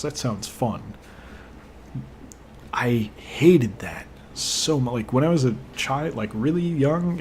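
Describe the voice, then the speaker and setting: A man's voice: on the low side, a little hiss or hum. A young man giving let's play commentary, frustrated and swearing, rambling off into personal asides. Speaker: gaming channel host.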